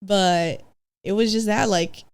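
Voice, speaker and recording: Her mid-range voice is slow and smooth, captured with clean studio sound and no echo. This woman from San Diego, California, appearing as a podcast guest, recounts her own story casually and slangily, full of "like" and "bro," playing her past self and mixing in bits of Spanish.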